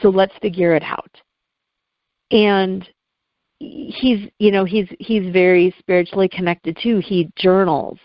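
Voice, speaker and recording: A woman's voice: mid-range voice, fairly even intonation, measured pace, dry recording, dull audio. A middle-aged woman speaking as an interview guest, telling a painful personal story in an earnest, heartfelt way, at times close to tears.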